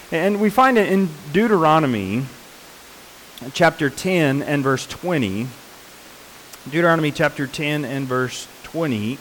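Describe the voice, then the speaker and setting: A man preaching a sermon in an unhurried, earnest way, often pausing with fillers and restarting his sentences. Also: a little high, a little hiss or hum, rough recording.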